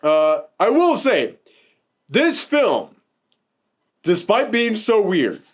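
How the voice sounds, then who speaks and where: A man's voice: high voice, huge pitch swings, extremely slow, slightly rough. A man hosting a casual film review chat, rambling and laughing often while sitting on a couch. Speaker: podcast host reviewing films.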